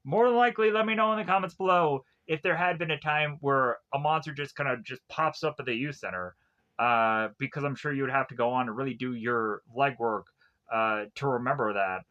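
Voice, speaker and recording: A man's voice: mid-range voice, fairly quick, sharp tone, dull audio. A young man casually recapping TV episodes, rambling with many fillers and frequent chuckles. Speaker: TV show reviewer.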